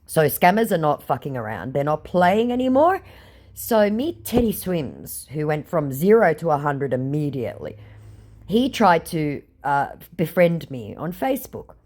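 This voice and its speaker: एक महिला जो व्यंग्य भरे, मज़ाकिया अंदाज़ में स्कैमर से हुई चैट पढ़कर सुनाती है और उस पर टिप्पणी करती है।. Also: female voice, low voice, very animated, unhurried, darkish tone. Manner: sarcastic, mocking. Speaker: scam baiter. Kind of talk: reading out chat messages with commentary.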